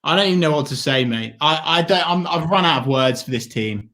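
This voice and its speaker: A man co-hosting a fan watchalong, commenting on the match in a relaxed, drawn-out way that breaks into excited shouting. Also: on the high side. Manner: goes from slow chat to ecstatic shouting and singing. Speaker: fan channel co-host.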